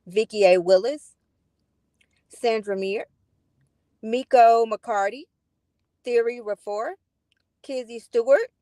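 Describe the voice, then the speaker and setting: A woman's voice: fairly high pitch, darkish tone. Woman hosting a town hall in a dry room. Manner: reads names in a list, slips on a name. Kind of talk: reading introductions, then casual hosting.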